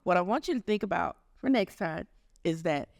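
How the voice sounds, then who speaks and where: High-voiced man guiding a podcast chat. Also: expressive, a little fast, vocal fry, a little mellow, no echo, studio quality. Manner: guiding, reflective, laughs easily. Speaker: podcast co-host. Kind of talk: casual chat.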